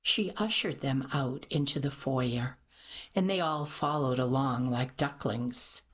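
Woman reading an audiobook, slow and husky, takes her time. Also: a bass voice. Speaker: audiobook narrator. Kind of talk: scripted narration.

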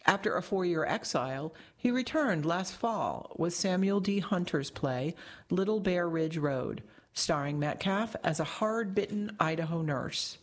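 A woman reads a long-form article aloud in scripted narration. Her voice sits a little low for a woman. The delivery is measured and articulate. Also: expressive. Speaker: narrator reading a magazine article.

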